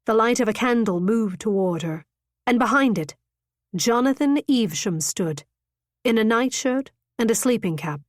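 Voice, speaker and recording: A woman narrating a romance audiobook in an expressive, dramatic reading style. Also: on the high side, normal speed, dry recording, studio quality. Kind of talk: scripted narration.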